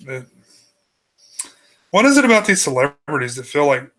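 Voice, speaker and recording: Bright-voiced man with wry reactions. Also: fairly high pitch, very animated, moderate pace. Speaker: podcast co-host. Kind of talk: casual chat.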